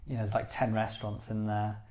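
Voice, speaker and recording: A man's voice: fairly low pitch, monotone, fast talker, darkish tone. A man co-hosting a podcast, chatting casually and enthusiastically with lots of "you know"s. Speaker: podcast co-host. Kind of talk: casual chat.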